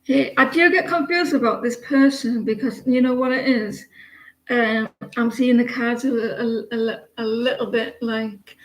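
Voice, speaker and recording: A woman's voice: fairly high pitch, fairly even intonation, measured pace, reverberant, noisy background. An Irish woman in her forties giving a chatty, rambling live tarot reading, with many restarts. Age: 40s. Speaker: tarot reader.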